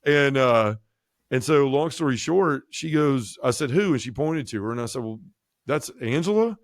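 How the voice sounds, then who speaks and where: Male podcast guest, middle-pitched voice, lively storyteller who mimics other people, dry close recording. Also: normal speed, dry recording. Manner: animated, acts out quoted dialogue with jumps in pitch; self-mocking humor, many fillers like "you know" and "like". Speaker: podcast guest sharing his testimony. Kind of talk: casual storytelling.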